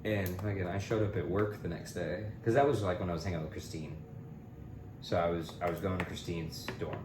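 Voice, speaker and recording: A man's voice: sits low, brisk. Rambling young man telling stories. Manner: rambling, animated, full of fillers and acted-out quotes. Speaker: podcast co-host. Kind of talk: casual storytelling chat. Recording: echoey room, distant mic, noisy.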